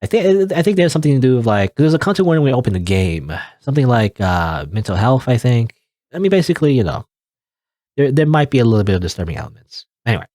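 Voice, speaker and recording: Lively, rambling gamer guy. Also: mid-range voice, fast talker, dry recording, clean studio sound. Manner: rambling, hedging, chuckling asides. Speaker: let's play gamer. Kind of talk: casual game commentary.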